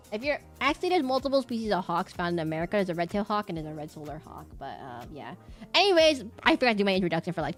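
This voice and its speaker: A young woman with a medium-pitched voice chats casually on a live stream as she draws. She rambles playfully, loops back over her own words and drifts between topics. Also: a bit bright. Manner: rambling and playful, repeats words, hums and does silly bird noises. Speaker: VTuber streamer. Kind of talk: casual live-stream chat while drawing.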